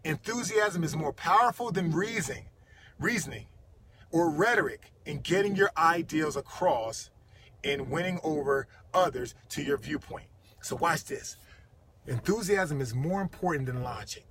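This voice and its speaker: A middle-aged man giving an energetic, emphatic motivational talk in a vlog, repeating his key phrases. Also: a little high, moderate pace, background noise. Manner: energetic, emphatic, repetitive preaching. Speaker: motivational speaker.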